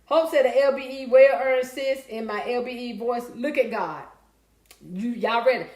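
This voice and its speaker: A lively woman, high and bright, chatting away on a live stream. Her voice rings around an echoey room as she reads comments aloud and answers them in a loose, excitable way. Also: moderate pace. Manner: lively, chatty, breaks into song and laughter. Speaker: livestream host reading viewer comments. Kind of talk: casual live-stream chat.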